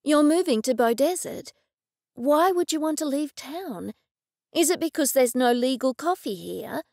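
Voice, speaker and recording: A woman's voice: high-pitched, sing-song, normal speed, creaky, darkish tone, no echo, clean studio sound, full character voice. A woman narrator voicing a shaken young witch heroine who speaks in a pleading, raised voice. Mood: confused.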